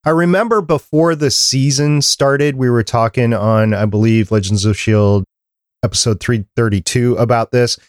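A man's voice: medium pitch, moderate pace, no room sound. Man host, easygoing hedging chat, dry close mic. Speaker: podcast host. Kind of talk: casual chat.

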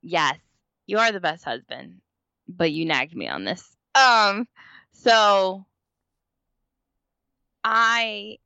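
Bright-voiced woman chatting animatedly. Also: mid-range voice, very slow, gravelly, long pauses, clear, resonant tone, no echo, dull audio. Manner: animated, storytelling with many "like"s. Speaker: podcast co-host. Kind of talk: casual conversation.

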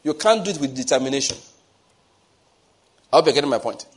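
A man's voice: medium pitch, lively intonation, fairly quick. A man preaching a sermon, telling personal stories and repeating phrases for emphasis. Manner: storytelling, repeats phrases for emphasis, asks listeners rhetorical questions.

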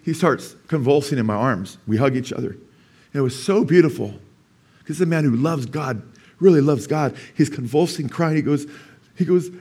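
Man, pastor, sermon, animated storytelling, emphatic, mid pitch. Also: normal speed, slightly rough. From California. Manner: animated storytelling, rising to emphatic preaching, asks the congregation "amen?".

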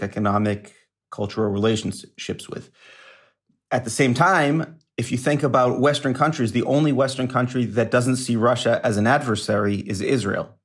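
Measured male journalist explaining. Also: medium pitch. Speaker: journalist guest. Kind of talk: explanatory interview answers.

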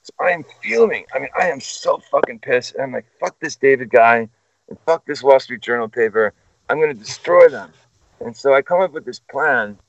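A mid-range male voice, recorded with no echo, belongs to a guest telling a story in a casual chat. He curses freely and drifts into tangents, animated throughout, on a dull, dry, lo-fi recording.

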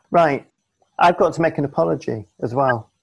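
A man's voice: fairly high pitch, vocal fry, breathy edge, no echo, muffled recording. A man co-hosting a podcast from home over a video call, with casual banter in a dry, self-mocking, mock-pompous manner. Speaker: podcast co-host.

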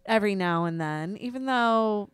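A woman chatting casually as a podcast co-host, animated and swearing freely as she tells stories. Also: medium pitch, moderate pace, clean tone, no room sound. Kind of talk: casual chat.

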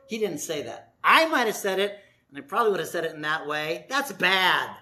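High, bright-voiced preacher man. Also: expressive, brisk, hardly any pauses. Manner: dramatic storytelling, acting out voices, shifting from loud to soft. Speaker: pastor. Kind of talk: sermon.

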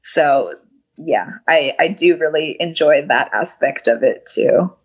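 A young woman from New York City, a hoarse-voiced interview guest talking in a rambling way. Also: low voice, expressive, slow pace. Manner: rambling, frequent restarts and laughs. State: losing her voice. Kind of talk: casual interview conversation. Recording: dull lo-fi audio.

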